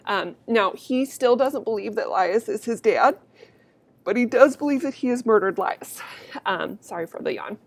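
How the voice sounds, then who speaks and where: A woman's voice: on the high side, lively intonation, moderate pace. Woman teacher reading a play aloud. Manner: casual, chatty and sarcastic between read-aloud passages.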